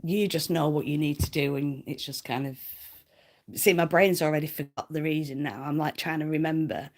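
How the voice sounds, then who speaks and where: A woman's voice: deep voice, fairly even intonation, normal speed, a little mellow. A woman hosting a casual livestream, chatting to viewers in a rambling, self-deprecating way and laughing often. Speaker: livestream host reading cards.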